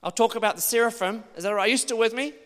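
A male preacher giving an animated sermon, now and then bursting into loud exclamations. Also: very high voice, rapid-fire. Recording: long hall reverb.

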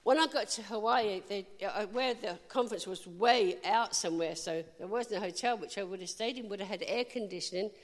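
A woman preaching a sermon, telling a personal story with lively, animated delivery and bursts of laughter. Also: medium pitch, brisk, hardly any pauses, big-room sound.

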